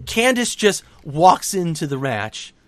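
A man co-hosting a casual podcast, recapping events in an animated, heavily profane way. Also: fairly high pitch, slow, no room sound. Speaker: podcast co-host recapping wrestling. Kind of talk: casual chat.

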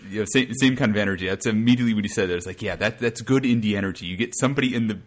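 Low-voiced man in relaxed chat. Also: quick pace. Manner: relaxed, rambling, easygoing. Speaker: podcast co-host. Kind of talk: casual podcast chat.

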